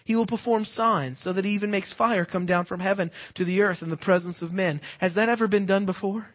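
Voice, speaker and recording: A man preaching a sermon, quizzing the congregation with fill-in-the-blank questions and swinging between hushed and loud, emphatic delivery. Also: high voice, fairly even intonation, fairly quick.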